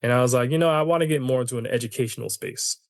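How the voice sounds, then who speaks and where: A man hosting a solo podcast, ranting in an animated, opinionated way and talking to his listeners as "y'all". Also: medium pitch, racing, dry recording, clean studio sound. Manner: conversational, addresses listeners as y'all. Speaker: podcast host.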